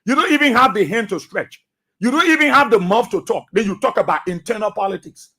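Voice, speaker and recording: A man's voice: high voice, animated, fairly quick, bright, forceful tone, slightly rough. A man with a Liberian English accent hosting a radio talk show, delivering emphatic commentary with repeated phrases and rhetorical questions. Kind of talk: commentary monologue. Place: radio studio.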